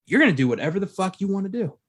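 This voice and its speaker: A man chatting casually on a podcast with a lively, swinging pitch that sits a little high. He swears freely and laughs often between his points. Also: rapid-fire. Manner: profane, animated, laughs often. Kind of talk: casual chat.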